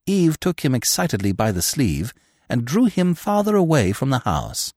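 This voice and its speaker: Expressive male audiobook narrator. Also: medium pitch, moderate pace, no echo, clean studio sound. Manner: expressive, comic storytelling. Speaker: narrator and podcast host.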